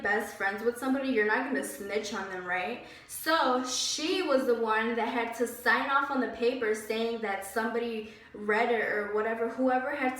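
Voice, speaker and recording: A young woman vlogger telling a story about a bad job in a casual, animated and indignant way, with lots of "like". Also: fairly high pitch. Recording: very echoey room, slightly distant mic.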